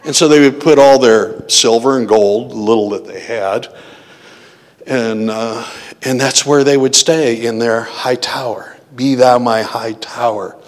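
Slow-speaking preacher in a reverberant hall. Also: male voice, medium pitch. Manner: teaching, asks the congregation questions. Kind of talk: sermon.

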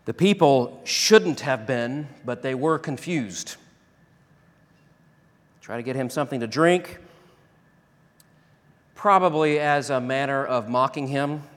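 A pastor delivering a sermon and closing prayer, rising to loud emphatic declarations and dropping to hushed, slow prayer. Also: male voice, medium pitch. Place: church sanctuary. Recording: long reverb of a large hall.

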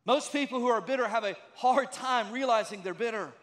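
High-voiced pastor preaching in a reverberant hall. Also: male voice, brisk, a bit bright. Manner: conversational, emphatic, rhetorical questions. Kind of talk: sermon. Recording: long reverb of a large hall.

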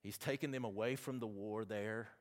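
A man with a Southern accent preaching a sermon, reading scripture and making folksy, animated asides to the congregation. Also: fairly low pitch, normal speed.

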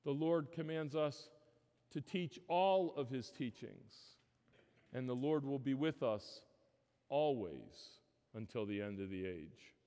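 A male pastor delivering a sermon in a church sanctuary, his voice trailing off in a long hall reverb. He preaches emphatically, with his pitch climbing on key phrases. His voice sits at an average male pitch. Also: expressive, slow pace, dark tone.

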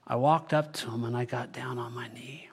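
A man telling a Bible story in the first person as a character, often dropping to a hushed whisper. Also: mid-range voice, steady tone, moderate pace, breathy edge.

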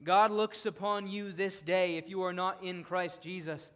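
A man preaching a fervent sermon, shifting between forceful declarations and hushed, solemn passages. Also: sits high, steady tone, a little slow.

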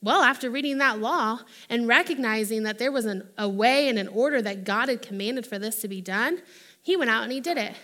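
Bright, high-voiced woman preaching. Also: brisk. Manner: animated, acts out quoted voices. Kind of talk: sermon.

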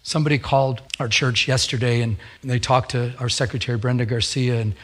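A man's voice: mid-range voice, fairly even intonation, a little fast, fairly bright tone. A middle-aged man, a pastor, preaching a sermon with a fervent, repetitive cadence.

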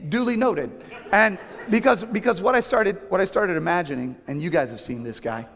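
A man preaching a sermon, telling personal stories with animated, self-deprecating humor. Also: high-pitched, a little fast. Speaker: pastor. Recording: long reverb of a large hall.

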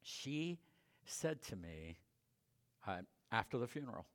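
Delivering a sermon woven with his own testimony, a medium-pitched man alternates between booming emphasis and hushed confession. He's very animated yet speaks at a slow pace.

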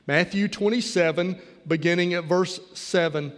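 Male preacher, high register, sermon and scripture reading, long church-hall reverb. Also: moderate pace. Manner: reads scripture aloud, leads the congregation in call-and-response.

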